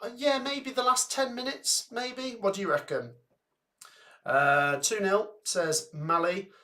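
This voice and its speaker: A man's voice: high-pitched, pushed and bright. Chatty Coventry man hosting a football stream. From England. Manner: chatty, reads out names and scores briskly. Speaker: football watchalong host. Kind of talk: casual live-stream chat reading viewer comments.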